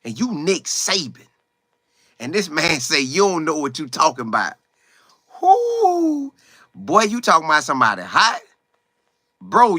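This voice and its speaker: A man hosting a casual football livestream, greeting viewers by name and talking in animated, quick bursts. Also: fairly high pitch, no room sound, clean studio sound. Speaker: livestream host. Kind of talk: casual live chat about football.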